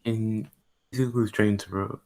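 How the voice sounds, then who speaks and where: A friend chiming in loudly during a casual chat. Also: mid-range voice, fairly even intonation, unhurried.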